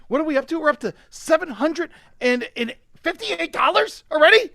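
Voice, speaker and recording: A man with a high, bright, forceful voice hosts a live-streamed comedy show. He rants with loose profanity, dropping to mutters and then bursting into shouts. The sound is close and dry, with no room around it. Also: moderate pace, creaky, no echo. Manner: profane, excitable ranting that swings between quiet asides and shouting. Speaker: show host.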